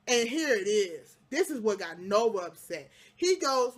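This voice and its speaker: A woman casually recapping a TV episode, telling the story with lively acted-out quotes and laughs. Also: high voice, fairly quick, few pauses, husky. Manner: breaks into laughter and exclamations. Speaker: TV show recap vlogger.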